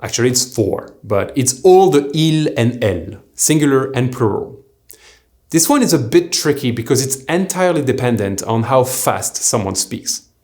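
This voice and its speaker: A man teaching a recorded beginner French lesson, speaking clearly and slowing down to pronounce example phrases. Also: medium pitch, expressive, darkish tone.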